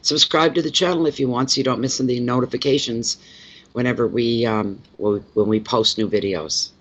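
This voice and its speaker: A man's voice: medium pitch, steady tone, moderate pace, a bit bright, slightly rough. A man from Canada, a tarot reader chatting casually with viewers on a live stream, rambling and repeating himself as he greets people by name. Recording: slightly dull lo-fi audio.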